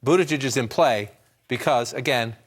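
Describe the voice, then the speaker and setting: A man giving live election-night analysis at a map in a TV news studio, explaining briskly and thinking aloud with quick restarts. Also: mid-range voice.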